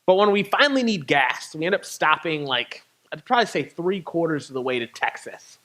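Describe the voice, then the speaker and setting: A young man from Michigan, a touring poet, telling a lively story to an audience and acting out the dialogue. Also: fairly high pitch, brisk. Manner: animated, acts out dialogue with laughter. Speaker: touring poet and guest speaker. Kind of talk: storytelling talk.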